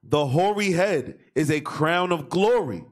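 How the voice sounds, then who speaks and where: A man reading scripture aloud in a steady, plain manner. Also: a little high, a little slow. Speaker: scripture reader.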